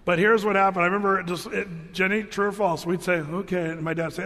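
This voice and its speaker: Middle-aged guy preaching, high voice, chatty and rambly, lots of restarts, big echoey church hall. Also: steady tone, quick pace, hardly any pauses, fairly bright tone. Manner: conversational storytelling with many restarts. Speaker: pastor. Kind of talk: sermon. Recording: long reverb of a large hall.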